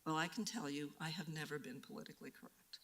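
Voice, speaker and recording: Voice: medium pitch, quick pace, vocal fry, a bit bright. A person giving a defiant, emphatic public comment at a council meeting, pleading to be seen.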